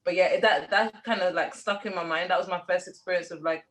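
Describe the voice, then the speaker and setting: A woman's voice: lowish voice, steady tone, fast, fairly bright tone, rough recording. A woman in casual conversation, telling a long personal story with many fillers. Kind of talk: casual chat.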